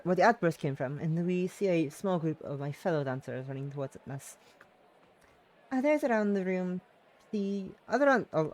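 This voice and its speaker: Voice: medium pitch, darkish tone. Chatty streamer reading a visual novel aloud. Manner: chatty, self-mocking, laughs often; tries out character voices.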